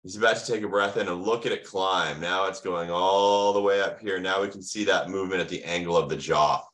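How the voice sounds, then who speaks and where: American guy teaching doctors over a video call, low voice, asks then answers. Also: steady tone, fairly quick, a bit bright. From United States. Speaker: medical lecturer. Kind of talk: online lecture with slides.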